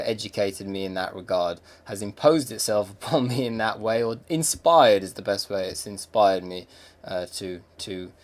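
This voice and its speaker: Rambling English man musing aloud. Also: fairly low pitch. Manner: rambling, reflective, many fillers and restarts. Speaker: podcast host. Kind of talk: casual monologue.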